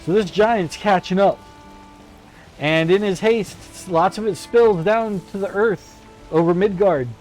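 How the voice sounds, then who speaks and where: This is a playful man on a gameplay stream, chatting and spinning a story. His voice sits a bit high for a man. Soft music plays faintly behind him. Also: measured pace. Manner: playful and animated, with laughs. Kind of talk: casual gameplay chat with storytelling.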